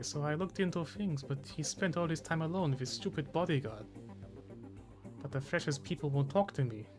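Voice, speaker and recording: A man voicing a secretive alien concubine, the emperor's favorite, with a hushed, conspiratorial delivery in a game read-aloud. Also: on the high side, lightly acted.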